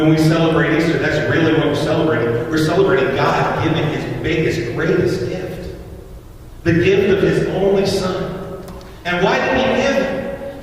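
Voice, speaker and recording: A man's voice: on the high side, moderate pace, a little hiss or hum. A man preaching an earnest sermon, speaking directly to his congregation. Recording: echoey hall from far off, faint ambience.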